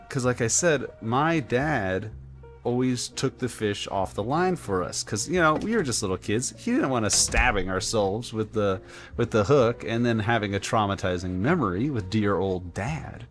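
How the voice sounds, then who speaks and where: A man live-streaming a game, telling a rambling story in an animated, casual way with lots of filler words. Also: mid-range voice. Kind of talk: live-stream gameplay chat.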